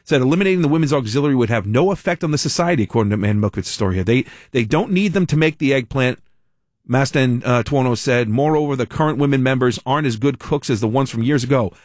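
Man, talk radio host, wry asides, dry studio sound, middle pitch. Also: animated, fast talker, darkish tone, no echo. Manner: wry, conversational, reads news aloud with asides. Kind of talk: talk radio monologue and call-in. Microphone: studio mic.

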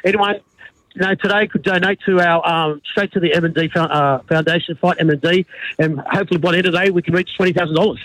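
A man calling in to a radio show, talking in halting bursts with many restarts over a phone line. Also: a little high, steady tone, a bit bright, no echo. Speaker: caller, junior club organiser.

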